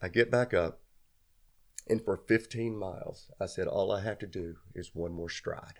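A man's voice: low-pitched, normal speed. A middle-aged man telling a long personal story in casual chat, rambling and laughing at himself. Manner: rambling, self-deprecating, laughs often.

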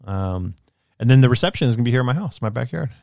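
A man's voice: medium pitch, lively intonation, rapid-fire, creaky, a little mellow, no echo, clean studio sound. Slangy, rambling man. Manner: rambling storyteller, slangy, laughs often. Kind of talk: casual chat.

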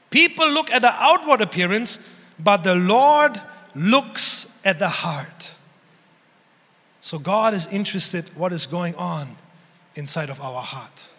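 High-voiced pastor preaching in a reverberant hall. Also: male voice, pushed and bright. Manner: earnest preaching with emphatic repetition and dramatic prayer voicing. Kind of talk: sermon. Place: church hall.

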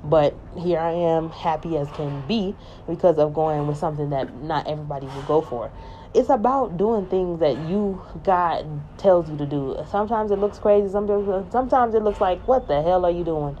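A woman's voice: on the low side, normal speed, mellow, dull audio, a little hiss or hum. A woman in a casual spiritual monologue, rambling and emphatic, often repeating herself.

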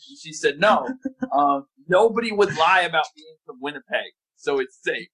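A man's voice: fairly high pitch, animated, moderate pace, a bit bright, slightly rough, poor audio. A man from the United States in casual comedic chat, with a dry, ironic delivery.

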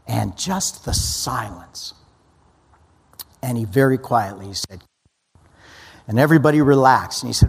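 A man's voice: mid-range voice, normal speed, creaky, pauses often, slightly rough. A man giving an earnest personal testimony as a guest speaker, often restarting his sentences. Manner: earnest storytelling, frequent restarts. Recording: long hall reverb.

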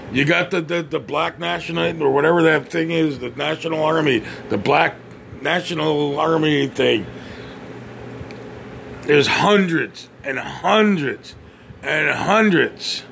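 A man's voice: fairly high pitch, unhurried, creaky, a bit bright, a little hiss or hum. A blunt, profane man ranting on his podcast, often stammering and restarting. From United States. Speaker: podcast host. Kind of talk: opinionated podcast rant.

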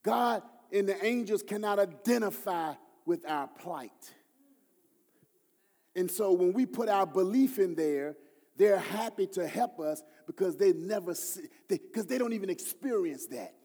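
A man preaching a sermon as pastor. He swings from hushed, low-voiced prayer quotes to loud, half-sung emphasis. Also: expressive, a little slow, in a large hall. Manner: preaching with rising, shouted emphasis and sung phrases; often drops to a low, hushed voice when quoting prayers.

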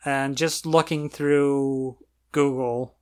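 A podcast co-host chatting casually at a medium pitch. The delivery is relaxed and agreeable, with frequent murmured affirmations. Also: slow, smooth. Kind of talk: casual chat.

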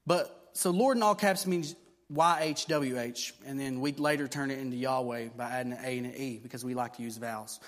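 A man preaching a sermon, explaining things in a conversational teaching way with fillers and restarts, then building to emphatic repeated declarations. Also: medium pitch.

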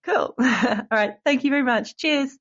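An Australian woman leaving a casual voice message, relaxed and giggly, with some swearing. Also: sits high, unhurried, dull audio.

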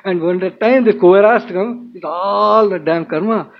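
Chatty storyteller, high voice. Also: male voice, moderate pace, vocal fry, hardly any pauses, slight background noise. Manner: chatty, laughing, many asides. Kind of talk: casual storytelling talk. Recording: dull lo-fi with faint ambience.

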